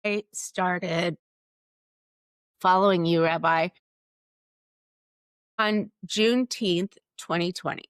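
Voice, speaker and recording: A woman hosts a live interview, speaking in earnest, thoughtful phrases. Her voice sits fairly low. The sound is dry and close, with no room echo. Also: fairly even intonation, slow, long pauses, clean tone. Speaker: podcast host.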